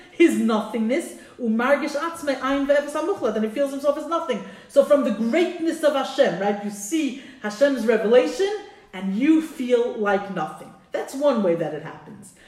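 A woman's voice: on the high side, a little mellow. A woman teaching a Torah class, who reads Hebrew lines from a text and translates them with informal asides. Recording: roomy echo.

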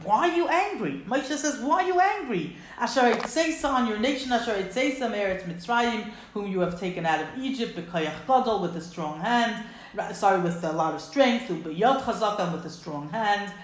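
A woman's voice: mid-range voice, lively intonation, moderate pace. A woman teaching a Torah text, quoting Hebrew verses and explaining each in earnest detail. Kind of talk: text study lesson. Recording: echoey room.

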